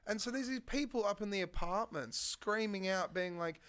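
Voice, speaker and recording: A man's voice: high-pitched, normal speed, hardly any pauses, a bit bright, clear, resonant tone. A man with an Australian accent, a podcast host telling a story in casual chat, tagging his lines with "right?".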